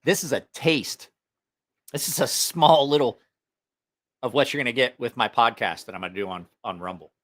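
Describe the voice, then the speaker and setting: A man's voice: medium pitch, moderate pace, fairly bright tone. A man hosting a knife channel, delivering a heated, profane opinion rant to the camera. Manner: angry, profane ranting.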